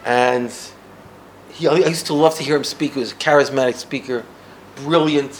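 An older man from the United States telling a personal story, swinging between loud bursts and hushed asides. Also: medium pitch, fairly even intonation, moderate pace, a little hiss or hum.

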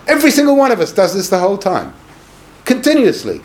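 A high-voiced man delivers a yeshiva-style Torah lecture, his pitch leaping around as he needles and mocks. He slips Hebrew and Yiddish terms into his English, and a faint hiss sits under the recording. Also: huge pitch swings, fast talker, darkish tone. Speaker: rabbi giving a Torah talk.

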